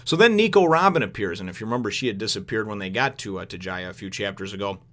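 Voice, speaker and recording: A man's voice: animated, fast talker, a bit bright. A man hosting a manga chapter review, rambling casually with lots of fillers. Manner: rambling, filler-heavy, acts out characters in high voices. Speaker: host of a manga review show.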